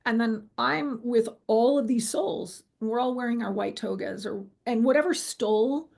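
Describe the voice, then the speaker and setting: A middle-aged woman with a gravelly voice pitched somewhat high shares her near-death story in an interview. She gets animated, voices what others said, and pauses with ums and restarts.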